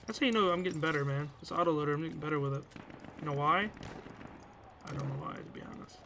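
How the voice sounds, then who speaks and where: Young man, gaming commentary, slightly high voice, loud gunfire behind, excitable, swears a lot. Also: quick pace, slight background noise. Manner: hyped, swearing, self-mocking banter. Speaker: gaming YouTuber. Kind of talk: live gameplay commentary. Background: game gunfire and explosions.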